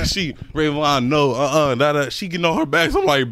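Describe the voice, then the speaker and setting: Lively young man telling a story. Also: mid-range voice, fairly quick, hardly any pauses, dry recording. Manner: animated, laughs through his story, slangy. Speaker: podcast co-host. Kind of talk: casual storytelling among friends.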